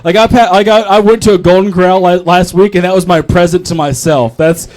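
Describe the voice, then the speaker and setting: At an open mic comedy club, a young stand-up comedian from North Carolina speaks in a high, steady-toned voice that's a little fast and a little mellow. His set is rambling, profane, and self-deprecating, and he often laughs at his own jokes.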